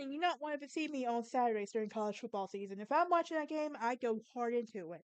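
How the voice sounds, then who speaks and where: Southern lady podcast host, smooth clear voice, emphatic and sassy. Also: sits high, no echo. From American South. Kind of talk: casual monologue.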